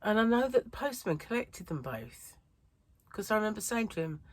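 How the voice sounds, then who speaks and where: A woman's voice: medium pitch, very animated, normal speed, husky, dry recording. A woman from the United Kingdom, a crochet vlogger, chatting casually to her viewers in a rambling way with many fillers and frequent laughs. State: a bit out of breath. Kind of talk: casual chat to camera.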